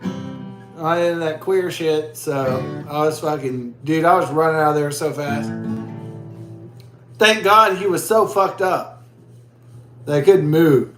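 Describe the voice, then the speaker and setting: A man's voice: a little high, unhurried, pauses often, fairly bright tone, echoey room, faint music behind. A man vlogging as he drinks a beer, telling a rambling story in crude, profane, rambling talk.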